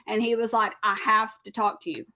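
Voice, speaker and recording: A woman's voice: mid-range voice, steady tone, brisk, creaky, bright, forceful tone. A woman in her thirties, a podcast guest candidly telling a personal recovery story and acting out past conversations. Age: 30s.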